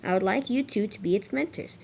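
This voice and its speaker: A woman's voice: medium pitch, brisk, creaky, a little mellow, a little hiss or hum, natural voice, low-quality recording. A woman voicing a formal railway boss who gives his engines orders. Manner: formal, instructing. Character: stern railway controller man in charge.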